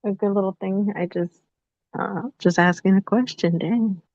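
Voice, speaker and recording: A woman co-hosting a casual podcast, blunt and teasing, quick to laugh. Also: mid-range voice, fairly even intonation, a little mellow, no room sound. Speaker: podcast co-host. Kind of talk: casual chat. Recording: dry, slightly dull lo-fi sound.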